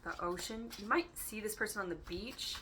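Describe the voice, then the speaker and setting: Woman, tarot reader vlog. Bright, forward tone; loose, giggly, free-associating delivery. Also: mid-range voice, moderate pace, slight background noise. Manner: chatty, giggly and playful. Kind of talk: casual tarot reading.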